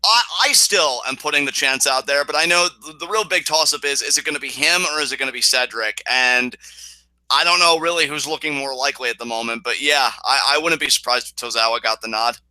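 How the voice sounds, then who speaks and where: A man co-hosting a casual wrestling review podcast, excitable and swearing as he recaps. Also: medium pitch, brisk, dry recording, low-quality recording. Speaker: podcast co-host.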